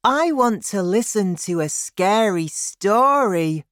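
An eager young girl in a children's storybook, bright and keen, played by a woman. Her voice is pitched very high. The recording is close and dry. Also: lively intonation, slow, smooth, no echo.

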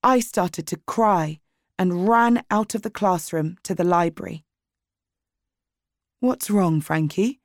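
Woman narrator, slow clear read, dry close mic. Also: on the low side, no echo. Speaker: audiobook reader. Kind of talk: slow graded-reader narration.

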